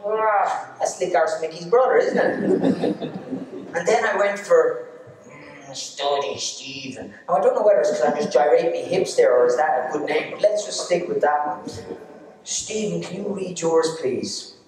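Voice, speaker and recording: Speaking at a normal pace, this slightly high, animated male voice carries an Irish accent as he spins cheeky comic tales on stage. The setting is an arts centre, with the mic placed far off in an echoing hall. A little hiss or hum sits under the audio.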